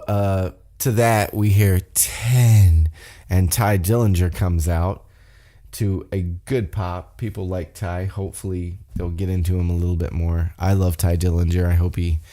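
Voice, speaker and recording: A young man hosting a podcast, recapping a wrestling show in a rambling, excitable way and swearing freely. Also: sits low. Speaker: podcast host.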